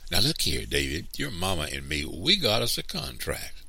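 A man playing a loud, blustering landowner bully. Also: low-pitched, very animated, normal speed, vocal fry, breathy edge, voice pushed up, full character voice. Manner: loud, pushy, snapping. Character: blustering, threatening middle-aged landowner man.

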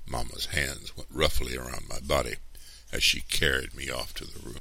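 A man narrating a story in measured, steady audiobook style. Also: extremely low pitch, creaky, husky.

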